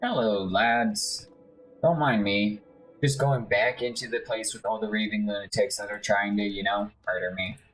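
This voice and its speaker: A man's voice: on the low side, fairly even intonation, moderate pace, a bit bright, faint music behind, rough recording. A man playing a video game and chatting about it offhand, with lots of fillers. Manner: rambling, offhand, many fillers. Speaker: let's play host. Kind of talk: casual gameplay commentary.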